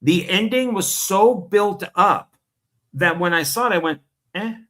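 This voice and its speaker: A man's voice: sits high, animated, measured pace, fairly bright tone. A man co-hosting a casual movie chat, joking and offhand, tripping over his words.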